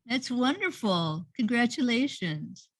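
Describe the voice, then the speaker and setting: This workshop host and teacher speaks slowly in a fairly high, sing-song voice, recorded dry. Running an online session over video call, she offers upbeat group feedback, lavishing praise on participants and frequently saying things twice.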